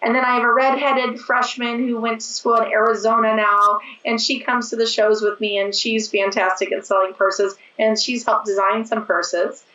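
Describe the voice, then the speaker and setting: A raspy, hoarse woman in her forties, a business owner talking as a guest in a quick, chatty way. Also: on the high side, little pitch movement, sharp tone. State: hoarse from overuse. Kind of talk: casual interview chat. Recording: echoey, distant, dull sound.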